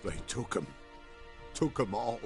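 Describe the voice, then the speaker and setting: An actor playing a shaken male villager with a rustic dialect, speaking grimly of a massacre over loud game music. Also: on the low side, expressive, unhurried. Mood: haunted. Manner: rustic dialect, pleading and grim.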